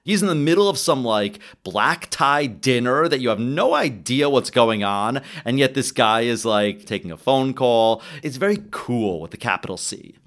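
A man in casual film-discussion chat, animated, acting out characters' lines as he talks. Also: moderate pace, few pauses. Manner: animated, swings pitch, acts out quotes.

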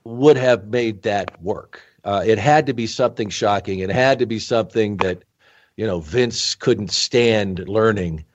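A man's voice: fairly low pitch, measured pace, highs cut off. A man hosting a podcast interview, talking in an easygoing, reflective way. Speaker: podcast host.

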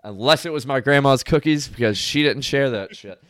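A man's voice: mid-range voice, normal speed, a bit bright, no room sound. Rambling young-sounding man, dry mic. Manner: rambling, frequent "like", laughs often. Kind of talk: casual chat, storytelling.

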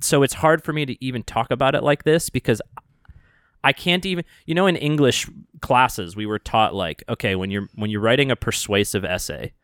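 A man co-hosting a casual podcast chat, talking in an animated, rambling way with frequent restarts. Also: mid-range voice, moderate pace, dry recording, studio quality. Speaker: podcast co-host.

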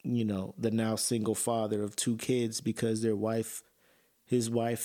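A man's voice: on the low side, completely flat delivery, unhurried, mellow. A man hosting a podcast, talking earnestly and emotionally in a personal monologue, with casual fillers and swearing. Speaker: podcast host.

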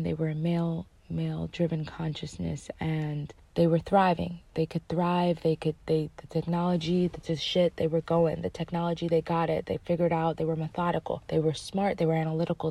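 A woman with a low, gravelly voice talks through a loose spiritual monologue straight to her viewers. Her tone is dark and husky. She rambles with emphatic repeats and casual swearing, and sometimes drops into a whisper. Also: no room sound.

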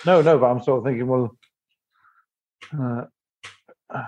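A man's voice: mid-range voice, measured pace, darkish tone. A man co-hosting a casual podcast, rambling and hesitant as he stops to think. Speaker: podcast co-host. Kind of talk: casual chat reviewing songs. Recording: muffled lo-fi mic.

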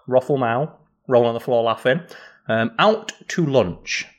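Bantering male co-host, casual chat, mid-pitched. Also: unhurried, highs cut off. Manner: bantering, explains slang with acted examples. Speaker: podcast co-host.

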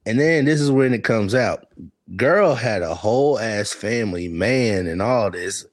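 A man's voice: lowish voice, a little slow, dry recording. A man co-hosting a podcast, casually telling a story, laughing often and acting out what people said. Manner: laughing, animated, acts out quotes. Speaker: podcast co-host.

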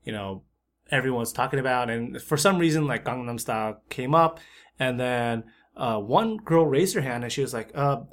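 Man, casual podcast co-host, mid-pitched voice, laid-back storytelling, lots of fillers. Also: moderate pace. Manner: relaxed storytelling, many filler likes. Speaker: expat teacher in Korea. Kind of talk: casual chat.

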